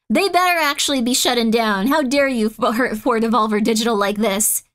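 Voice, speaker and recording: A woman streamer chatting casually with her live chat, excitable and mock-outraged, swinging between loud bursts and muttered asides. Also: a little high, normal speed, hardly any pauses.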